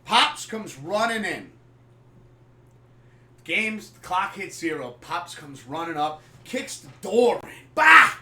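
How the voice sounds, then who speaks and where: Animated high-voiced man telling stories. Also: slow pace, background noise. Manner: animated, swears freely, acts out scenes loudly. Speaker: podcast host. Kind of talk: casual storytelling. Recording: echoey room, far from the mic.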